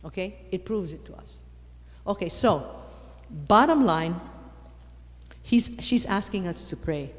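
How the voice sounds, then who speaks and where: Woman speaker, low-leaning voice, emphatic conference talk in a reverberant hall. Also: unhurried, long pauses. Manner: lively, repeats for emphasis, rising to loud exclamations. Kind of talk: animated talk on faith.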